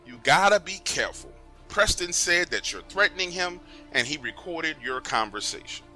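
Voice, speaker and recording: A man's voice: a little high, big pitch swings, normal speed, pushed and bright, faint music behind, exaggerated voice. A man voicing a frank woman from human resources who talks bluntly and familiarly. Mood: warning.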